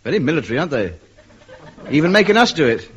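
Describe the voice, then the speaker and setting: An actor playing a vain, self-important comedian who blusters and fusses, in a 1950s radio comedy. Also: male voice, on the high side, big pitch swings, fast. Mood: blustering. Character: vain, pompous male comedian, easily flustered. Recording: dull old radio recording with faint hiss.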